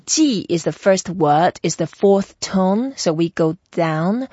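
A woman's voice: on the low side, lively intonation, takes it slowly, warm tone, slightly rough, no room sound. Patient woman teaching pronunciation. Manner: patient, explains step by step and models each sound for repetition. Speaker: Chinese language teacher and host. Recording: dull, muffled lo-fi sound.

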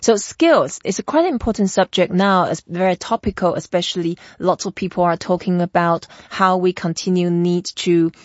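A woman's voice: lowish voice, normal speed, hardly any pauses, no echo. Patient woman teaching pronunciation. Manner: patient, explains step by step and models each sound for repetition. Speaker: Chinese language teacher and host. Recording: dull, muffled lo-fi sound.

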